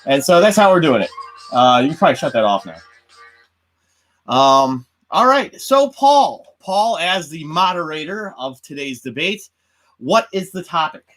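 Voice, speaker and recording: Lively joking male show host. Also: on the high side, a little slow, soft background music, low-quality recording. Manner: lively, jokey, talks over others. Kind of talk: casual debate show banter.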